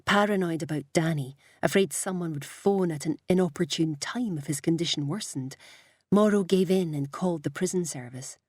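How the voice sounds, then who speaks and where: A woman narrating a novel in a measured, even storytelling voice. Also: low-pitched, husky, no room sound. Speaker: audiobook narrator. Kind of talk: scripted narration.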